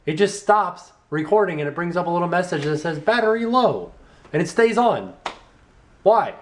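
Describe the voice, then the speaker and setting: A man's voice: sits high, normal speed. Chatty man vlogging over noise. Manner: chatty, animated and jokey. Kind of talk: casual vlog chat.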